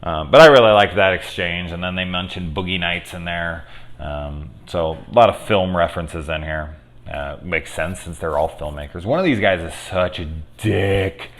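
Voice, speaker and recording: A man's voice: sits low, fairly even intonation, normal speed, fairly bright tone. A man casually reviewing a movie with spoilers, rambling and swearing, with lots of ums and restarts. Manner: rambling, profane, many fillers.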